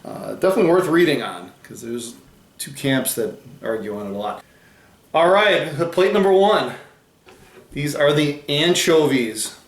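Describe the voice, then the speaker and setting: A man's voice: on the high side, expressive, unhurried, reverberant. A man hosting a food tasting video in casual chat, explaining facts he reads off the packaging. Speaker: host of a food challenge channel.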